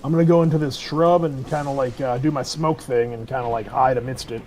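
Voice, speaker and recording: A man talking as a player in a tabletop game, jokey and quick. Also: medium pitch, steady tone, darkish tone, slight background noise. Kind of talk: tabletop role-play talk.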